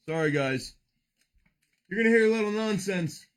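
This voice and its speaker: Loud, animated man ripping card packs. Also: high voice, normal speed, clean tone. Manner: loud, joking, rambling, swears often. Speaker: card break host. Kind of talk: casual livestream card break.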